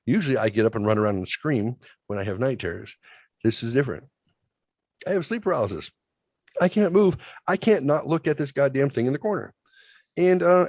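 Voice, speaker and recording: A man in his thirties telling a story in a casual, profane, animated way, swinging between loud outbursts and quiet asides. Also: mid-range voice, fairly quick, dry recording. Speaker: podcast host.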